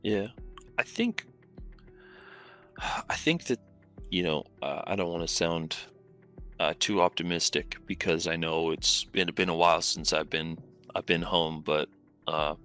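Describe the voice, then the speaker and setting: A man's voice: deep voice, bright, forceful tone. A man playing a character in a tabletop game, speaking hesitantly with many fillers and frequent laughs. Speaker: player. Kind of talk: in-character tabletop role-play.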